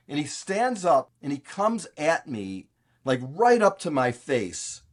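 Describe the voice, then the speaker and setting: Animated older male storyteller. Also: a little high, slow. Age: 60s. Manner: animated storyteller acting out quotes. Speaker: podcast guest, real estate investor. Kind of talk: casual interview storytelling.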